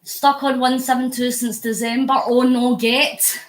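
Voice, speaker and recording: A woman's voice: high voice, little pitch movement, measured pace, echoey room. A Scottish woman chatting casually to viewers on a phone live stream while pedalling an exercise bike, reading out comments and getting sweaty. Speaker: vlogger live-streaming a charity cycle. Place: indoors at home on an exercise bike.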